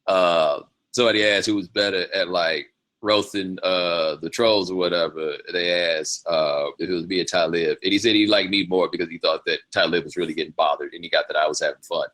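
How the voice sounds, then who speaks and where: Deep-voiced man rambling through stories. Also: fairly even intonation, a little fast, fairly bright tone. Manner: rambling, loose, laughing, slangy. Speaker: podcast host. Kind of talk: casual storytelling monologue.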